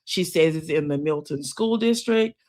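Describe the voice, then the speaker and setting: A woman's voice: deep voice, expressive, moderate pace, darkish tone. Woman gossiping thru a reality show recap, chatty, opinionated, says child a lot. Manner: chatty and opinionated, calls listeners "child" and "girl". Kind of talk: casual episode recap commentary.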